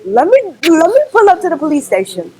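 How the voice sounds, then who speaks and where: High, lively young woman cracking jokes. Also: fast, background noise. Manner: sarcastic joking. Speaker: co-host. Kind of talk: casual chat.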